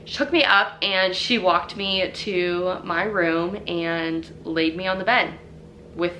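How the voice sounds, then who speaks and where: A woman's voice: lowish voice, fairly even intonation, slow pace, pushed and bright, slight background noise. Chatty young woman telling a story. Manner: chatty, many "like" fillers. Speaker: vlogger telling her birth story. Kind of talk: casual storytelling to camera.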